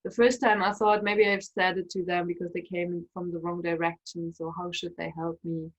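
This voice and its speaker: A woman telling a personal story in an emotional, animated way. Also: lowish voice, normal speed, low-quality recording. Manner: emotional, animated, acts out quoted voices. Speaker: spiritual coach and storyteller.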